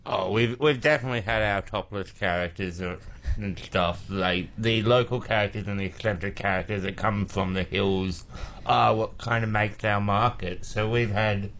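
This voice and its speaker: A man's voice: lowish voice, normal speed. A man representing a market, chatting fondly and loosely in a radio interview. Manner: relaxed, fond, rambling.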